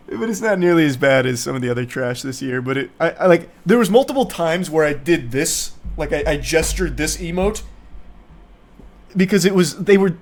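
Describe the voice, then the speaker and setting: A man from the United States, a streamer, ranting about a movie in a casual, sarcastic and profane way. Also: a little high. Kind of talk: casual movie review rant.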